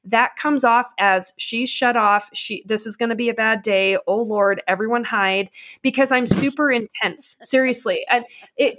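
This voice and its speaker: A woman in casual conversation, telling stories in an energetic, passionate, self-mocking way. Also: medium pitch.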